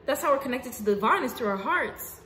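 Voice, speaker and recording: A woman giving an unscripted spiritual monologue to her viewers, casual and profane, swinging between emphatic outbursts and hushed asides. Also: high voice, lively intonation, quick pace. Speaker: spiritual vlogger. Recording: roomy echo with faint background noise.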